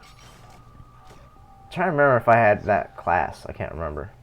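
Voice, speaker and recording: A man's voice: lowish voice, sing-song, a little slow, highs cut off, faint music behind. A young man chatting casually on a live game stream, rambling and correcting himself as he plays. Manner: rambling, self-correcting, chuckling. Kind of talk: casual live-stream chat while gaming.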